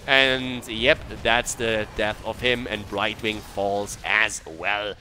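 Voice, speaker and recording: A man casting a video game match on his own, mixing brisk play-by-play with coaching tips. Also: medium pitch, fairly even intonation, sharp tone, slight background noise. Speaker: esports caster. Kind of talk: solo match commentary with analysis.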